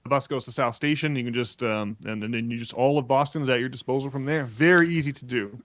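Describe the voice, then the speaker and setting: A man's voice: mid-range voice, fast, a bit bright, no room sound. A man co-hosting a casual podcast, talking at length in a rambling way with many fillers and restarts. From New England. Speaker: podcast co-host.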